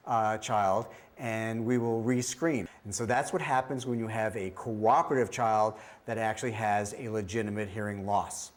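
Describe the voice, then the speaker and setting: A middle-aged man giving a training talk on screening children's hearing, telling stories and acting out the children and the test beeps. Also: mid-range voice. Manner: animated storyteller, acts out child voices and beeps. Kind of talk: training presentation with demonstrations.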